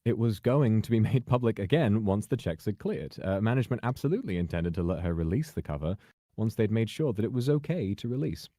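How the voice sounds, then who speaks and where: A man reading a prepared public statement in a measured, formal, carefully worded way. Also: fairly low pitch, big pitch swings, dark tone, no room sound, clean studio sound. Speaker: person giving a public statement.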